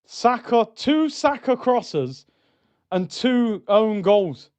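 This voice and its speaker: Speaking extremely slowly in a clean, high voice, a young streamer reacts to a football match live. He gets excitable and yells when goals go in, then grumbles and reads the chat aloud, all in a dry recording.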